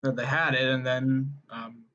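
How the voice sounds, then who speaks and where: A man's voice: mid-range voice, level tone, unhurried. Laid-back man, lo-fi podcast mic. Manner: laid-back, profane joking. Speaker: podcast co-host. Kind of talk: casual chat. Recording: dull lo-fi sound.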